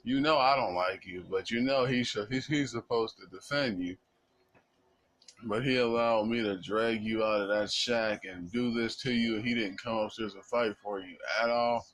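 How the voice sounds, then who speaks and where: A man's voice: fairly low pitch, normal speed, a bit bright, lightly acted. Man reading a cruel, taunting slave master in his own voice. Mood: menacing taunt. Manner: taunting, menacing.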